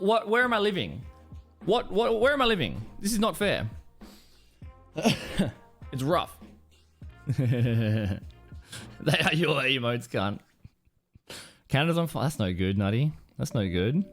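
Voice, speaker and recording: Australian streamer, casual and profane, middle pitch, rambling chat over faint music. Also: male voice. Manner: profane, rambling, animated storytelling.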